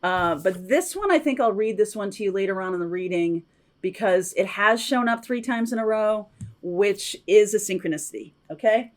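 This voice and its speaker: Woman tarot reader, casual and chatty, mid-pitched, loose and intuitive delivery. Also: lively intonation, moderate pace. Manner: chatty, intuitive, frequent fillers and asides. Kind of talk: casual spoken tarot reading.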